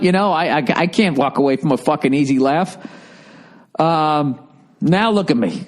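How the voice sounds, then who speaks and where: A man's voice: fairly high pitch, animated, moderate pace. A man in his forties with a Boston accent, hosting a podcast as a casual monologue and ranting sarcastically, swearing often. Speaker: podcast host.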